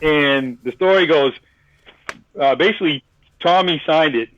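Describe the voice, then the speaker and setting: A man's voice: on the high side, moderate pace, a bit bright, muffled recording. A man from New England, a podcast guest, telling a long story in a rambling way, with many restarts and acted-out bits of other people's lines. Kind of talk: casual storytelling.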